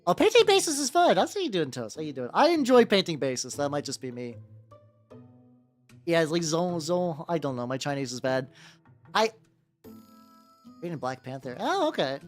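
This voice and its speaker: A man with a higher-register voice streaming as he paints miniatures, chatting casually with viewers and rambling with lots of "like" and restarts. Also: big pitch swings, moderate pace, long pauses, soft background music. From United States. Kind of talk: casual livestream chat.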